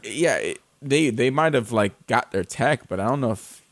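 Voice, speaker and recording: A man's voice: mid-range voice, animated, normal speed, no echo. A man chatting on a podcast, mostly agreeing with short, loose, easygoing remarks. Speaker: podcast guest. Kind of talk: casual podcast chat.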